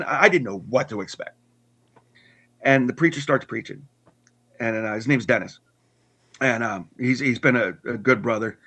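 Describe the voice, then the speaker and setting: A man earnestly telling his personal story in conversation, halting with restarts and repeats. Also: mid-range voice, sharp tone. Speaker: guest telling his testimony.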